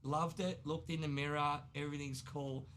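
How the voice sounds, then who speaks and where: A man in his forties with an Australian accent, telling wild work stories in casual chat, animated and swearing, acting out the people he quotes. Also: fairly high pitch, normal speed, slight background noise. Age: 40s. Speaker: tattoo artist guest. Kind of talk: casual storytelling.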